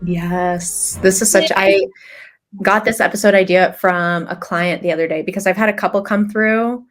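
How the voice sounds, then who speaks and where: A woman's voice: medium pitch, steady tone, normal speed, soft background music. A woman who works as a personal trainer, co-hosting a podcast and chatting casually with lots of "like" fillers. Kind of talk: casual chat.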